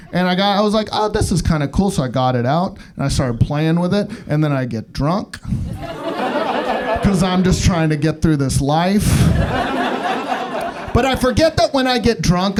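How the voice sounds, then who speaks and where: A man doing a stand-up set on a club stage, deadpan with wry asides. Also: sits high. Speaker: stand-up comedian. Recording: live comedy club, loud crowd laughter.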